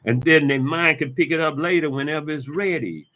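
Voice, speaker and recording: A man delivering an angry, profane monologue to his viewers, ranting emphatically, repeating himself and swinging between loud bursts and low muttering. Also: fairly quick. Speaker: vlogger.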